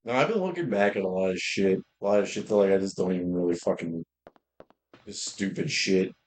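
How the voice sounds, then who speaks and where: A young man chats casually while streaming a game, rambling through stories and swearing freely. His voice sits a little low. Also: fairly quick, a little mellow. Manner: profane, rambling storytelling. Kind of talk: casual livestream chat while gaming.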